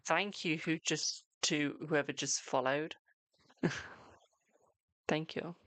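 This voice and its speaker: A man's voice: fairly high pitch, steady tone, extremely slow, pushed and bright, no echo. An English man hosting a live-streamed tarot reading, chatty and cheeky, calling viewers "my darling" and slipping into mock-ominous warnings.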